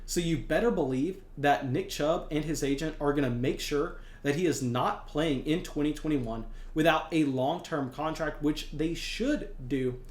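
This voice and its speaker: An energetic young man with a slightly high voice hosts a fantasy football show, delivering an excited analysis monologue. He presses his points hard and repeats words for emphasis, at a moderate pace with few pauses, in a room with noticeable echo.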